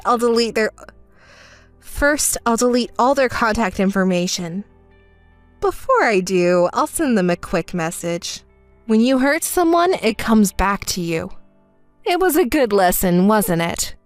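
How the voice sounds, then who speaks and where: A woman's voice: on the high side, no echo. Indignant woman narrating a text story. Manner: indignant, scolding. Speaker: narrator and wronged wife.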